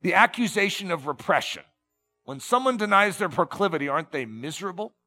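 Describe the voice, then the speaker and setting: A man preaching a sermon to a gathered congregation, earnest and shifting between soft, tender passages and emphatic ones. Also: high-pitched, lively intonation, brisk, faint music behind.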